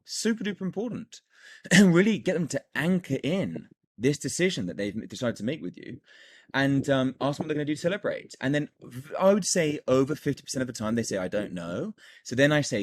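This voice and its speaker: A man's voice: mid-range voice, slightly rough. A man coaching other coaches on closing sales calls, talking casually and with energy, repeating his points and acting out bits of dialogue. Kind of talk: casual teaching monologue.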